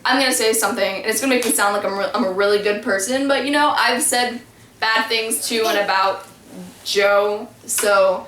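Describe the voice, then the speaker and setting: Young woman, casual rambling storyteller, bright tone, distant roomy sound. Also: on the high side, normal speed. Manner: rambling, many restarts and fillers. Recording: echoey room, from far off.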